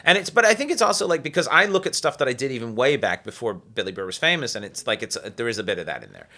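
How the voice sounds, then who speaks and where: A man with a British accent under a Canadian one, chatting casually as a comedian on a podcast, animated and profane. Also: medium pitch. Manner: animated, profane, quick to laugh.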